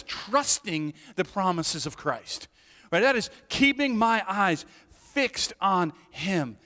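Pastor, male, sermon delivery; fairly high voice, animated hushed-to-emphatic swings, stumbling restarts, long hall reverb. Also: measured pace.

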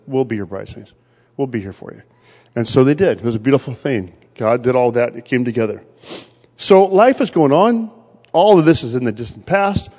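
A man's voice: medium pitch, a little mellow. A man preaching a sermon, telling a family story and quoting his relatives along the way. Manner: storytelling, quotes family members in his own voice. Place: church. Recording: long reverb of a church hall.

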